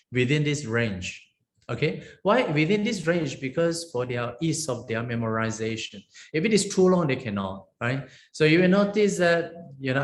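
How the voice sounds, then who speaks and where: A man, a Buddhist monk, teaching an online Pali lesson step by step, often checking in with "okay?" and "right?". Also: mid-range voice. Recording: roomy echo.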